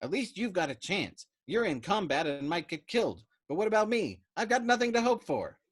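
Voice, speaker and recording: A man's voice: high voice, big pitch swings, normal speed, breathy edge, voice pushed up, full character voice. A man voicing a whiny, self-pitying army doctor who wails mournfully. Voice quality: wailing, mournful.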